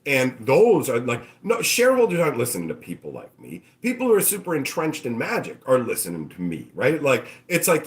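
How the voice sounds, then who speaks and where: A man's voice: mid-range voice, huge pitch swings, fairly quick, few pauses. A man hosting his own channel, ranting casually and profanely and acting out mocking voices. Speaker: channel host. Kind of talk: casual opinion rant.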